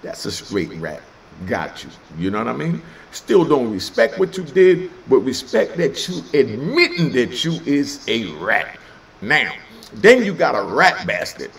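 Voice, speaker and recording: Brief: middle-aged man, ex-prisoner storyteller, gravelly, lively swings in pitch, casual street talk. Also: measured pace, slight background noise. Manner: animated, streetwise, laughs while telling. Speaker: former prisoner telling stories.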